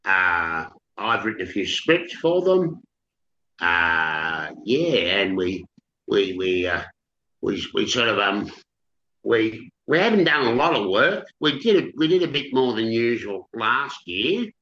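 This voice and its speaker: A man's voice: lowish voice, big pitch swings, takes it slowly, sharp tone, echoey room, lo-fi sound. A man being interviewed, talking in a hesitant way with many restarts and fillers. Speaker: author and interview guest. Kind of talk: interview chat and reading from his novel.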